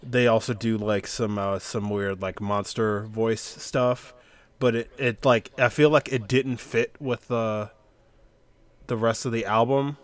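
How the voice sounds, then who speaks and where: Podcast cohost guy, smooth clear voice, keeps restarting his sentences. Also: on the low side, steady tone, unhurried. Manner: rambling, many fillers and restarts. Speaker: podcast co-host. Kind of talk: casual chat about music.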